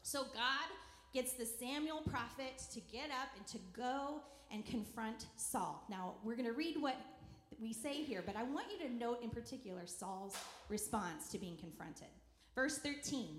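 A woman's voice: a little high, expressive, unhurried. A woman giving a conversational sermon and reading scripture aloud. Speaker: preacher. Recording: echoey hall.

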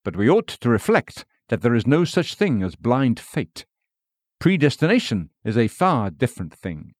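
A man giving a solemn, measured scripted devotional reading. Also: mid-range voice, no room sound, clean studio sound. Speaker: reader of a devotional text.

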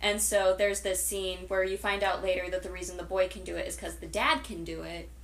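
A young woman co-hosting a podcast, casually retelling a movie plot in an animated, dramatic way at home. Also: lowish voice, fairly quick. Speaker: podcast co-host.

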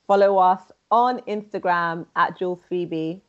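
A woman's voice: on the low side, a little slow, lo-fi sound. A young woman co-hosting a podcast in casual chat, full of "like" fillers. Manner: casual, many "like" fillers, laughs often. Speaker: podcast co-host.

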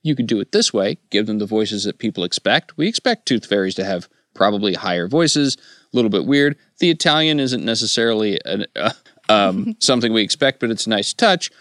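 A man's voice: lowish voice, brisk, no echo, studio quality. A man co-hosting a casual comedy podcast, talking loosely about sketch writing and laughing often. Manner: relaxed, laughs often, slips into silly voices.

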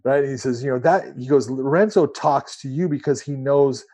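Male podcast co-host, mellow tone, casual rambling storyteller. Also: mid-range voice, moderate pace. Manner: relaxed, rambling with profanity.

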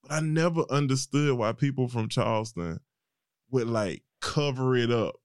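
A man's voice: medium pitch, moderate pace, smooth, dry recording, clean studio sound. A man from South Carolina with a rural country twang, hosting a podcast in an enthusiastic, chatty way. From Johnston, South Carolina. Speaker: podcast host. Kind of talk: conversational interview.

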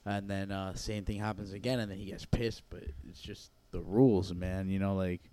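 A young man with a mellow, smooth voice, a touch low in pitch. He recaps matches in a relaxed, meandering way, full of fillers. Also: moderate pace, no room sound. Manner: laid-back, rambling recap with many fillers. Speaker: grappling training partner. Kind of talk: casual chat.

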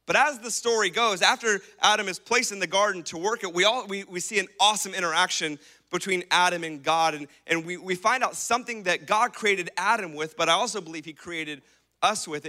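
A man's voice: fairly high pitch, fast talker, sharp tone. A man preaching a sermon in a humorous, conversational storytelling way. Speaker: pastor.

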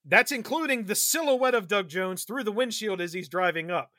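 A man hosting a podcast, recapping a film in casual chat, animated and quick to laugh. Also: high-pitched, dry recording, clean studio sound. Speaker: podcast host.

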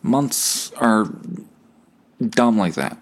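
With a fairly low voice and lively intonation, the young Canadian podcaster moves very slowly through his solo rant. He's hungover, and the talk is loose, sarcastic, and full of profanity.

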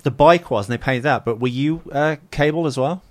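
A man's voice: mid-range voice, brisk. A man hosting an interview, asking long, rambling, chatty questions. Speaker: interviewer, podcast host. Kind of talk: casual interview.

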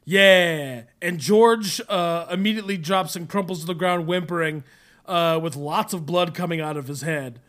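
A man's voice: on the high side, normal speed, fairly bright tone. A man co-hosting a movie podcast, retelling the plot with crude, profane jokes. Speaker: podcast co-host. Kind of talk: casual comedic movie recap.

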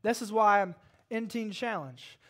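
A man in his forties, a pastor, preaching a sermon with dynamic swings from hushed to loud and fervent. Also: high voice, a little slow.

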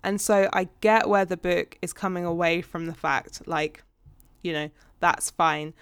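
A woman's voice: fairly low pitch, fairly even intonation, measured pace, smooth, no room sound, studio quality. A woman co-hosting a podcast, chatting casually and frankly about books and swearing freely. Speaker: podcast co-host. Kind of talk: casual book chat.

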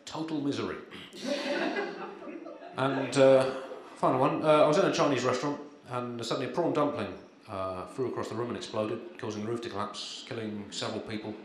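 A man doing a stand-up comedy set with a dry, halting delivery full of ums and uhs, performed live. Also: mid-range voice. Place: live comedy venue, in front of an audience. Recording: echoey live room with crowd.

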